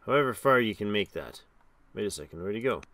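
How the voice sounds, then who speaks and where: A man giving casual, chatty commentary while playing a strategy game, reading the game's text aloud and reacting with animated exclamations. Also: on the low side, fast. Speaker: game streamer.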